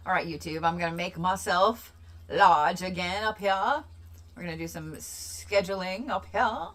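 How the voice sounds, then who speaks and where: A woman hosting a casual livestream, rambling and repeating herself with sudden excitable bursts. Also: lowish voice, measured pace. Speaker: livestream host.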